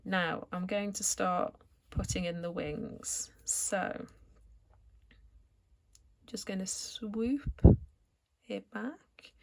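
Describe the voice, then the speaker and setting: A woman calmly explaining each step of a watercolour painting as she works, as an art tutor. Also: mid-range voice, vocal fry. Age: adult, returned to art after school years. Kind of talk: painting tutorial narration while working.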